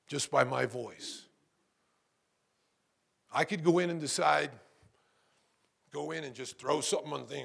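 A man's voice: a little high, vocal fry, slightly rough. A middle-aged man preaching a sermon in a church, calling out to the congregation and building to emphatic peaks. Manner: call-and-response preaching, rising to emphatic peaks. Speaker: pastor.

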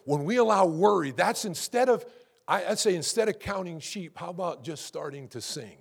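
Gravelly high-pitched male preacher. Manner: preacher's call-outs and asides to the congregation, rising to fervent emphasis. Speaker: pastor. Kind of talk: sermon.

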